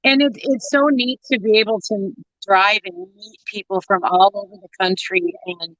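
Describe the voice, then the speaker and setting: A woman's voice: medium pitch, moderate pace, a bit bright, no room sound. Folksy Minnesotan woman trucker. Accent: northern Minnesota. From northern Minnesota. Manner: chatty, folksy, laughs easily. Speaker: co-host, trucker. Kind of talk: casual chat on a livestream. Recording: dull lo-fi stream audio.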